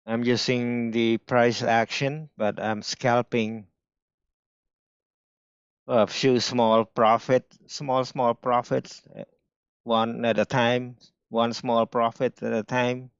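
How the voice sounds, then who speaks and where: Male streamer, non-native English with a strong accent, slow and halting, smooth voice, dry muffled audio. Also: mid-range voice, level tone, dry recording. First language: not English. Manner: halting, restarts often, slow careful phrasing. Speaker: day trader streaming live. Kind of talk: casual live-stream talk.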